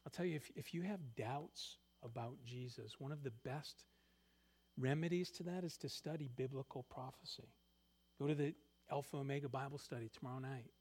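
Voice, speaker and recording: A man preaching a sermon, reading scripture aloud and swinging between loud emphatic lines and quiet asides. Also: medium pitch, moderate pace, slightly rough. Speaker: pastor.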